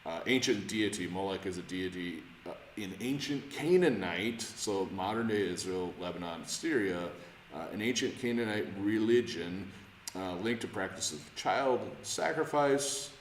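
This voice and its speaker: A man's voice: low voice, expressive, measured pace, slight background noise. A man leading an informal Bible study, talking conversationally with many restarts and questions to the group. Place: church room. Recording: echoey church room, faint ambience.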